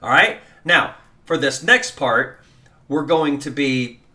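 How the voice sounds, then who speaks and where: This guitar teacher's voice sits a little high, and he talks slowly with a pushed, bright quality. Counting beats aloud as he guides the lesson, he keeps things casual and encouraging and uses many fillers.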